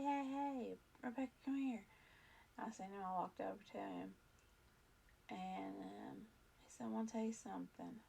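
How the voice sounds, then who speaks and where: A woman's voice: mid-range voice, gravelly, husky. A woman vlog host telling a personal story in a casual, earnest, rambling way, full of fillers and restarts.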